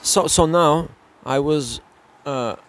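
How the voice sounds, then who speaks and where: A man's voice: a little high, takes it slowly, a little hiss or hum. A man co-hosting a casual chat on a cafe terrace, joking and rambling. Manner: joking, rambling, switches into mock voices. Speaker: vlog co-host.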